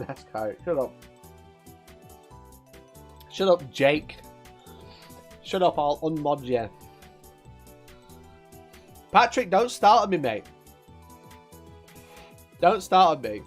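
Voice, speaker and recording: A man's voice: fairly high pitch, lively intonation, slow pace, long pauses, faint music behind. A man hosting a live stream, chatting casually with his viewers and trading sweary, mock-angry banter with them.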